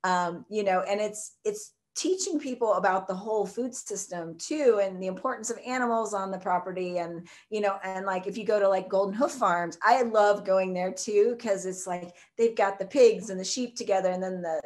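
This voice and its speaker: A woman's voice: medium pitch, normal speed, hardly any pauses, darkish tone. A woman, talking enthusiastically as an interview guest, rambling with lots of fillers. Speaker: guest, food truck co-owner. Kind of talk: casual interview chat.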